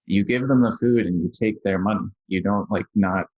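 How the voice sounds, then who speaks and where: A man's voice: on the low side, moderate pace, darkish tone. A man speaking as a podcast guest, explaining technical points plainly and casually with many fillers. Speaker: guest software engineer. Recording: dry, dull lo-fi sound.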